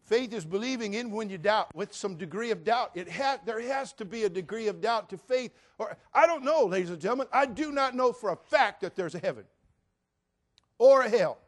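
An older male pastor in his sixties preaches with animated storytelling, acting out the voices in Bible stories. His voice sits a little higher than most men's. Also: fairly quick. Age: 60s. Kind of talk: sermon.

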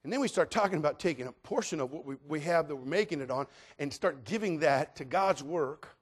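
A man preaching a sermon as pastor, folksy and full of jokes, swinging between loud declarations and hushed asides. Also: a little high, expressive, brisk, breathy edge.

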